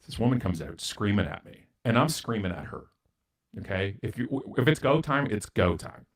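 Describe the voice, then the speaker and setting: A man's voice: lowish voice, lively intonation, moderate pace, breathy edge. A man from Canada, a guest speaker, telling a story in an interview in a blunt, self-mocking way and acting out both sides of the dialogue.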